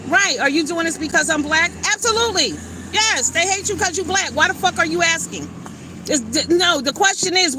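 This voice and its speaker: A woman's voice: high voice, expressive, normal speed, pushed and bright, a little hiss or hum. A woman hosting a livestream, ranting bluntly with plenty of swearing and greeting viewers by name. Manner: blunt, profane, fired-up. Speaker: livestream host. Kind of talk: livestream chat and rant.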